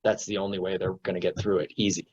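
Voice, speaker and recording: A deep, level male voice talks quickly over dull, lo-fi internet stream audio with a little hiss or hum. He's a meditation teacher in a casual spiritual discussion, speaking emphatically and bluntly, swearing, and acting out little scenes as examples.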